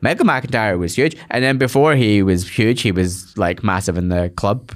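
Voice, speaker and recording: A Scottish man, a guest comedian, telling stories in casual chat with lots of quick restarts. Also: on the low side. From Scotland. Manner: rambling storyteller with quick restarts.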